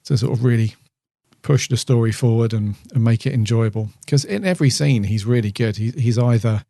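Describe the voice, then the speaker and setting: A man co-hosting a podcast in a relaxed chat. His voice is dark and mellow, sitting in a middle pitch, recorded dry and close. He rambles, stumbles and restarts often. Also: fairly quick, creaky, no room sound. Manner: rambling, many fillers and restarts. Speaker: podcast co-host. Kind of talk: casual chat reviewing an episode.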